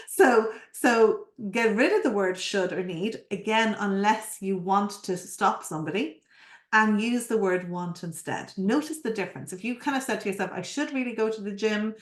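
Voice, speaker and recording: A woman coach giving a live presentation, energetic and full of rhetorical questions to her audience. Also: mid-range voice, a little slow. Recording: roomy echo.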